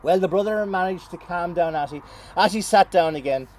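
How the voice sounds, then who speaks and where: A middle-aged Irish man telling a folk tale in a lively, playful way with dramatic pauses, outdoors. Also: high voice. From Ireland. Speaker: storyteller. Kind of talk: oral folk storytelling. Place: outdoors on a moor.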